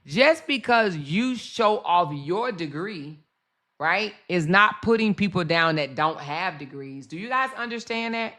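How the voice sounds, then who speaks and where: A woman hosts a casual livestream with a bright, forceful voice. She chats animatedly straight to her viewers, laughing often as she comments. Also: on the low side, a little slow. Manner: chatty, animated, talks to her chat directly; laughs often while talking.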